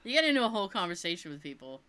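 A woman with a Massachusetts accent in casual chat, telling animated stories and laughing often. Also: on the low side, racing, clean tone.

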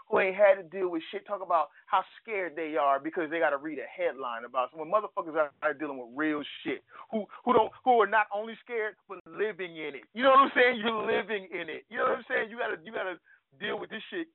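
A man's voice: high voice, fast, dry recording. A man co-hosting a podcast, ranting in heated casual chat, profane and repeating himself. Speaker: podcast co-host. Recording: phone-like lo-fi audio.

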